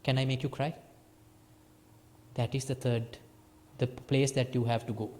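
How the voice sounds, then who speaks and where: A Sri man, a Buddhist monk giving a lively dharma talk to a small group, moving between hushed and emphatic phrasing with playful laughter. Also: mid-range voice, unhurried. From Sri Lanka. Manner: lively teaching, swings between soft and emphatic.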